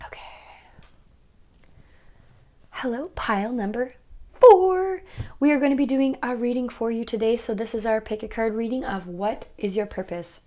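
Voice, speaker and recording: A woman's voice: fairly high pitch, steady tone, fast talker, few pauses, dark tone. A young woman giving a casual pick-a-card tarot reading, chatty and rambling, often laughing at herself.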